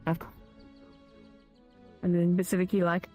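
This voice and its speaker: A woman's voice: on the low side, completely flat delivery, normal speed, mellow, soft background music. A woman speaking in character as a food seller in a role-play, unsure and hedging, often saying she believes or is not sure. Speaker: shopkeeper character selling food.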